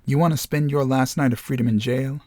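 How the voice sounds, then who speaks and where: A man voicing a sharp, commanding woman spymaster in a screenplay reading, curt and cutting. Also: medium pitch, steady tone, fairly quick, no room sound, close to an everyday voice. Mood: stern.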